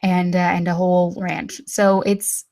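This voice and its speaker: American woman, casual chat guest, slow, drawn-out talk, lots of fillers. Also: lowish voice, flat delivery, mellow. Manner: unhurried, filler-heavy.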